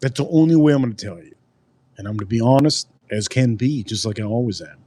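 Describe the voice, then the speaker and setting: A man's voice: medium pitch, quick pace, dark tone. A man hosting a casual live stream, rambling and repeating his phrases as he talks straight to his chat. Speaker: livestream host reviewing drinks.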